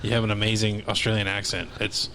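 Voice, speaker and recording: A man's voice: lowish voice, completely flat delivery, fast, sharp tone. A man from the United States co-hosting a podcast, chatting casually and hesitantly, with lots of "like" and "you know.". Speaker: podcast co-host. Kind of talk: casual chat. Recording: crowd noise behind.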